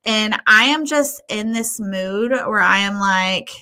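Slow and mid-range, a woman's voice carries a casual podcast story she's telling as co-host. Her storytelling is animated, with free swearing and acted-out quotes of what others said.

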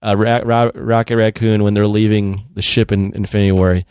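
A man hosts a casual podcast chat in a fairly low voice. His recording is dry with no room sound, and he retells funny moments in an easygoing way. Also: brisk, clear, resonant tone, dry recording. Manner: easygoing, lively storytelling with quoted bits. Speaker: podcast host.

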